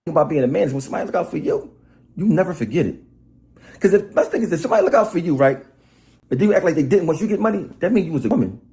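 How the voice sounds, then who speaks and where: Brief: taunting New man, higher voice, rapid insult rant. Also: animated, dark tone. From Harlem, New York. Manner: taunting, mocking, rapid-fire trash talk. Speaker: rapper in played video clip.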